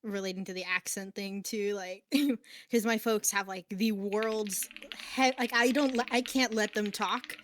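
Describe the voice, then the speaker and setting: A woman's voice: medium pitch, fairly even intonation, measured pace, a bit bright, slight background noise. Giggly woman with a plain American accent. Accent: general American. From United States. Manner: giggly and rambling, full of "like". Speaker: stream guest. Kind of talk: casual online chat.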